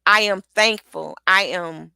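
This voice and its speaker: A woman giving an energetic motivational pep talk, repeating affirmations with rhythmic call-and-response. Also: mid-range voice, slow pace, gravelly, clean tone, dry recording. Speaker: motivational speaker and author.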